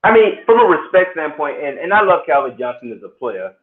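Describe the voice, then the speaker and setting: A man's voice: a little high, sing-song, a little fast, phone-quality sound. A man co-hosting a podcast, talking sports in a laid-back way and reasoning his points through. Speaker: podcast co-host. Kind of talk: casual sports debate.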